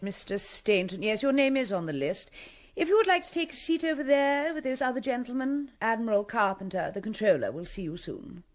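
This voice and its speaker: An actress playing a prim, correct receptionist in a radio comedy. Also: female voice, a little high, animated, brisk, natural voice. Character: prim young female BBC receptionist.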